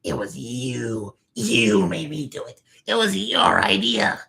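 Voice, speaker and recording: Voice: medium pitch, big pitch swings, slow pace, vocal fry, pushed and bright, slightly rough, full character voice. An actor voicing squabbling, cowardly rat creatures in a video game, whiny and bickering. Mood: anxious. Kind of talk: video game character dialogue.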